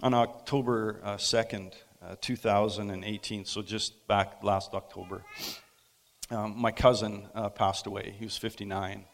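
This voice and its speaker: A man preaching a sermon as a pastor, telling a story in a halting, unhurried way with frequent pauses. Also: on the low side, vocal fry. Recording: long hall reverb.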